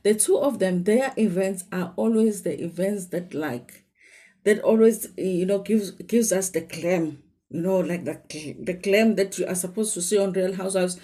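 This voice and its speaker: A woman's voice: medium pitch, moderate pace, warm tone. A South African woman with a Zulu accent, chatting casually to viewers in a gossipy recap, with many fillers and some Zulu mixed in. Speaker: reality TV commentator.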